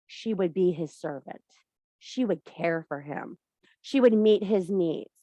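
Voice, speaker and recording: A woman leading a workshop, telling an old story in her own irreverent way. She swears freely, checks in with her listeners and keeps things animated. The recording is dry and close-miked. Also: lowish voice, no room sound. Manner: profane, animated, talks to the audience. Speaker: workshop leader.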